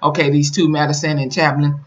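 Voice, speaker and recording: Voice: mid-range voice, little pitch movement, brisk, muffled recording. A YouTuber recapping and reviewing a TV episode in a casual, colloquial way, telling the story with lots of emphasis. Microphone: camera mic.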